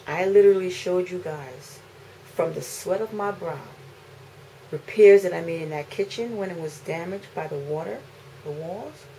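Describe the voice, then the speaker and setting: A woman, ranting to camera as a mother, indignant and repeating phrases for emphasis, swinging between loud outbursts and low, weary lines. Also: normal speed, slight background noise, poor audio. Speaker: mother making a video complaint. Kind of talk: emotional rant to camera.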